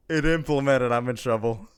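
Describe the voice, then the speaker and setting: A man with a mid-range voice chats casually during a live stream, reading viewers' messages aloud and greeting them playfully. Lots of giggling runs through it, along with sudden bursts of excitement.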